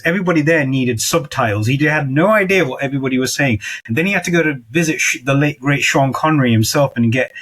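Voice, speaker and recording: A man's voice: mid-range voice, a bit bright. A man hosting an interview over a video call, chatty and telling stories with enthusiasm. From England. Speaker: podcast host. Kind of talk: casual interview chat.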